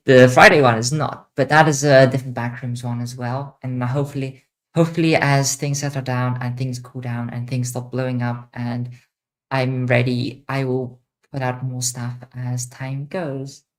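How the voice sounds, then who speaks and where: A young woman streamer hosting a casual Q&A, rambling and repeating herself with many fillers. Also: extremely low pitch. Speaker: streamer host. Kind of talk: casual livestream Q&A.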